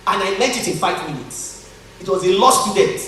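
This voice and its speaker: A man's voice: high voice, brisk, fairly bright tone, slight background noise. A man with a Nigerian accent giving a motivational conference talk, joking and earnest by turns, heard from a distance in a large hall. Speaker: conference speaker. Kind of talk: motivational talk to a live audience. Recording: echoey hall from far off.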